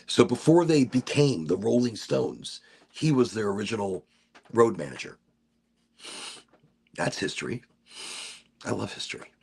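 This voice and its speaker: A man's voice: lowish voice, creaky, breathy edge. A man hosting a casual podcast chat, telling rambling stories and swearing freely. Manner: rambling, swears a lot, repeats himself. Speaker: podcast host.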